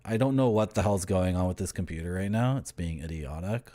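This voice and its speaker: A man's voice: fairly low pitch, fairly quick, few pauses, dark tone. A young man, live-streaming and bantering with his chat in a joking, teasing, rambling way. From Canada.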